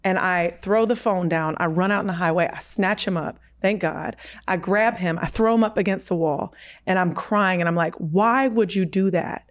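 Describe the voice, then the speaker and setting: A woman in her thirties, a podcast guest, telling a personal story in a candid, emphatic, unhurried way. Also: lowish voice.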